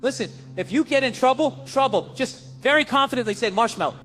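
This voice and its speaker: A man's voice: very high-pitched, expressive, brisk, fairly bright tone, faint music behind. A man voicing a blunt, no-nonsense male bear trainer who gives matter-of-fact instructions, as a bit in a stand-up set. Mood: instructive.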